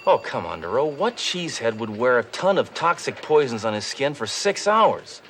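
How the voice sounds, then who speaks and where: A deadpan wisecracking cop. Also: male voice, mid-range voice, normal speed, slight background noise. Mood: smug. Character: brash tough-guy male cop, deadpan wisecracking. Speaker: police detective. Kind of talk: sitcom acting. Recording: TV soundtrack with music behind.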